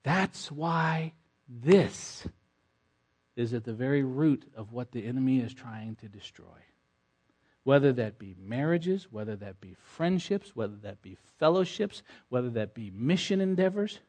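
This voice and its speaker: A man preaching a sermon, swinging between quiet, low passages and forceful, emphatic stretches, and ending in prayer. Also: lively intonation, a little slow.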